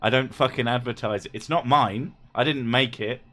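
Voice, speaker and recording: A man's voice: mid-range voice, fairly bright tone. A man hosting a casual comedic livestream, cracking jokes and swearing freely. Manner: joking, swears freely, quick asides. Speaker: streamer host.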